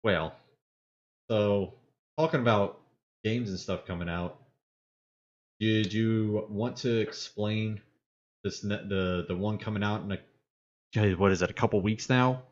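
A man's voice: lowish voice, steady tone, unhurried, long pauses. A man co-hosting a casual podcast chat, rambling and playful, who hums and fills time when left alone. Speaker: podcast co-host. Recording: dull lo-fi sound.

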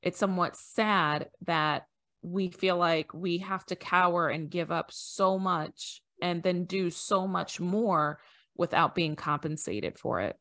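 A woman's voice: lowish voice, slow. A woman who coaches wedding businesses on sales, telling stories as a podcast guest and acting out the dialogue in them. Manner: animated storytelling, acting out quoted dialogue.

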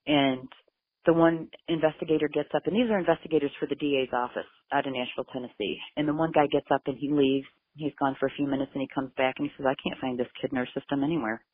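A woman's voice: extremely low pitch, fairly even intonation, quick pace, husky, no room sound. A mother recounting her search for her missing son in an interview, intense and emotional as she quotes what everyone said. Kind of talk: telling her story in an interview. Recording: phone-like narrow sound.

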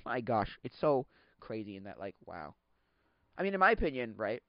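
A man hosting a podcast, chatting casually in a rambling, excitable way, laughing often and acting out quotes. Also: medium pitch, moderate pace, no echo. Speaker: podcast host. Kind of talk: casual solo chat. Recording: dull lo-fi sound.

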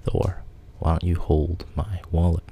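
A man's voice: low voice, little pitch movement, measured pace, warm tone, husky. A man voicing a giant man with a casual, friendly manner while narrating a myth. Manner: offhand and easygoing.

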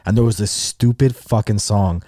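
A man in his twenties, a podcast host, telling a profane, animated story in casual chat and acting out the people in it. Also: lowish voice, normal speed, dry recording, clean studio sound.

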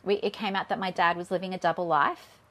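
A woman's voice: fairly low pitch, fairly even intonation, fast, a bit bright. Aussie woman in her 30s, interview guest, candid, bit shaky, talks it through earnestly. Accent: Australian. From Australia. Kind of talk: personal interview.

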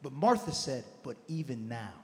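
A man preaching a sermon as pastor, telling a Bible story in chatty modern voices and rising to shouted passages. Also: medium pitch, big pitch swings, moderate pace. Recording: long hall reverb.

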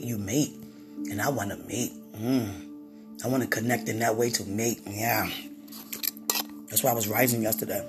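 A woman speaking intimately and effusively to her husband, sighing and exclaiming often, swinging between high excitement and low murmurs. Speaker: wife talking to her husband. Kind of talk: intimate casual talk to a partner.

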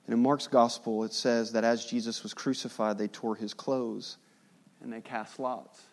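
Speaking at a normal speed with a steady, medium-pitched tone, a pastor preaches a sermon. He keeps it conversational and jokey in places, alternating loud emphasis with hushed solemnity.

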